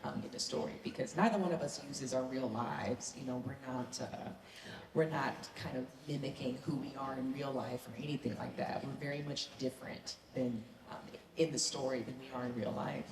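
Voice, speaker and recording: A woman's voice: very deep voice, a little fast, crowd noise. A woman from the American South, an actor answering fan questions on a convention panel in an enthusiastic, earnest way. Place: large convention hall. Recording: echoey convention hall, faint noise.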